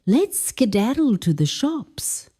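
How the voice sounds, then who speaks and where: A cheerful, busy mum of young kids, put on by a woman narrator. She exclaims in a slow, mellow voice that leaps up and down in pitch. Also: very animated, slightly rough, exaggerated voice. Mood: cheery.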